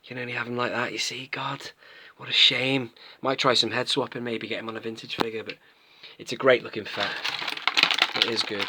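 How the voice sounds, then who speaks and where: A man's voice: mid-range voice, little pitch movement, brisk, bright, forceful tone, slight background noise. A British man in his late thirties, chatting enthusiastically and rambling as he unboxes and reviews toys in a casual vlog. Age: late 30s. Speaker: toy collector vlogger.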